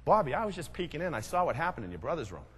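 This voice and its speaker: A man doing a gentle, patient father asking his young son questions. The voice is husky with lively pitch movement. It is heard with a long hall reverb. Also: rapid-fire.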